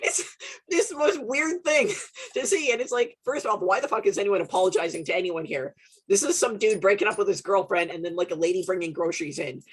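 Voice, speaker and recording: A young adult woman from Canada hosting a podcast, telling stories in a casual, animated way, swearing and laughing often. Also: lowish voice, fast talker, slightly rough. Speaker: podcast host. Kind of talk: casual chat.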